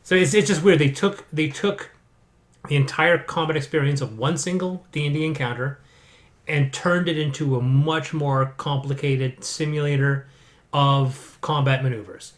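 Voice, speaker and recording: A man's voice: a little high, steady tone, normal speed. A man co-hosting a casual chat, rambling with frequent restarts and repeated words. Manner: sarcastic aside. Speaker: board game podcast co-host.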